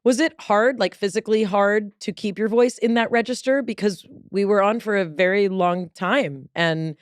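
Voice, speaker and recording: Woman podcast host, smooth voice, dry close sound, curious questions. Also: mid-range voice, moderate pace, no echo. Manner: curious, asks follow-up questions. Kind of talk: interviewing a guest.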